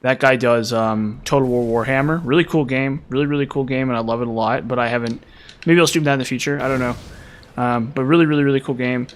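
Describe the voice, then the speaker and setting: A man's voice: medium pitch, fairly even intonation, fast. A man giving casual, rambling gameplay commentary as a streamer, chatty and full of filler words. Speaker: game streamer.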